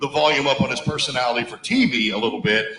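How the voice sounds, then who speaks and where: A man telling stories in a casual chat, swearing freely and talking with loud, boisterous energy. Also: mid-range voice, fast talker, echoey room, a crowd in the background, low-quality recording. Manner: profane, boisterous storyteller. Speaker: musician.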